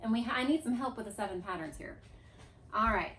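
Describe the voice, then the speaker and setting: A woman's voice: a little high, a little fast, a little hiss or hum. A woman teacher leading a class through a grammar review in a classroom, coaxing answers and leading chants. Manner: lively, coaxing, leads chants. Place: classroom with a board. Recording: echoey room.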